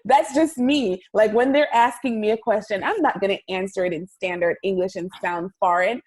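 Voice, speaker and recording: A woman's voice: mid-range voice, normal speed, darkish tone. A woman hosting a casual chat, playful and curious, asking eager questions. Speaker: host.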